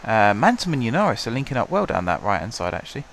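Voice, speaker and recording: A young man with a hoarse voice, chatting casually and calling the action play by play as he commentates his own football management game at home. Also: lowish voice, very animated, fast talker, fairly bright tone, slight background noise. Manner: chatty, wry, calls the match play by play. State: hoarse from shouting. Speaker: gaming channel host.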